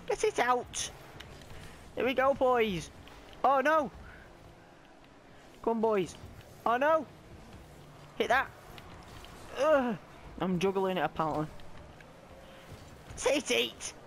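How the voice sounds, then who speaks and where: A young man giving live, excitable commentary on his own gameplay, often shouting and squealing as his voice cracks high. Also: a little hiss or hum. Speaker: gaming YouTuber.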